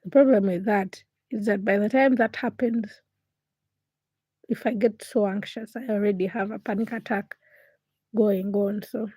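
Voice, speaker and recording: Breathy young woman rambling to camera. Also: mid-range voice, steady tone, moderate pace, dark tone, dry recording. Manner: rambling, self-correcting, confiding. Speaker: vlogger. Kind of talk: casual late-night chat to camera. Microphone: camera-facing setup.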